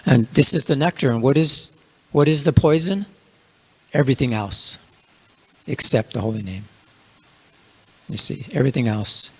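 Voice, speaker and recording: A man's voice: medium pitch, husky. A man teaching a scripture class in a casual storytelling manner, with many fillers. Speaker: religious class speaker.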